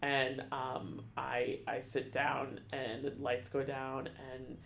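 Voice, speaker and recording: A man telling a personal story in an interview, halting, with many restarts and fillers, becoming emotional. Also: mid-range voice, completely flat delivery, vocal fry, fairly bright tone, reverberant, a little hiss or hum. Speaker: guest, theater education staff. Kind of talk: conversational storytelling.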